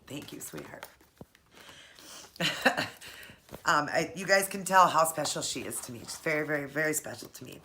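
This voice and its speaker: A woman in her forties talks in a low, gushing voice, sentimental and full of breathy laughs. She chats casually at home as a vlogger. A faint hiss sits under the recording. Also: expressive, normal speed, pauses often, bright, forceful tone. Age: 40s. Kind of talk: casual unboxing chat.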